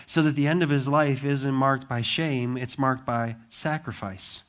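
A man preaching a sermon, retelling a story with animated, acted-out dialogue. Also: mid-range voice, measured pace. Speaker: pastor.

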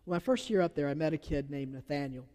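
An earnest pastor with a Southern accent delivers a sermon, his voice a little high for a man. He pushes some words out loud and drops others almost to a whisper. The room rings with a long reverb, like a large church hall. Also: fast talker. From Georgia. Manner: earnest, swings from loud emphasis to soft near-whisper.

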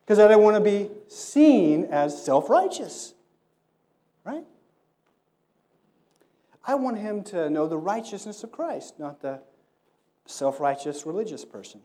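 A man's voice: sits high, lively intonation, measured pace, long pauses, warm tone. A man preaching a sermon in a conversational way, telling stories and acting out the voices of people he quotes. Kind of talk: sermon with storytelling.

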